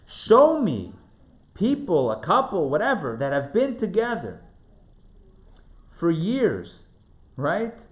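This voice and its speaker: Man, rabbi giving a live lecture, lively swinging delivery, rhetorical questions, echoey room, slightly dull sound. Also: high voice, takes it slowly, long pauses. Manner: animated, rhetorical questions, repeats phrases for emphasis. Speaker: rabbi teaching a class. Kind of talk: live lecture on Jewish spiritual text. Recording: roomy, somewhat dull live recording.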